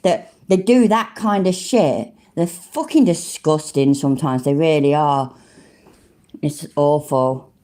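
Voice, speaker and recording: A woman's voice: sits low, slow, mellow. A woman with a British accent giving live reaction commentary, blunt, sweary and full of slang. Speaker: livestream commentator.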